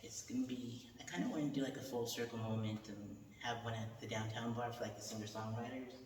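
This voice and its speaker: A man's voice: medium pitch, fairly even intonation, fast, slight background noise. An American man hosting a podcast interview, rambling with many fillers. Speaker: podcast host. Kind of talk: casual interview chat. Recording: roomy echo, mic far off.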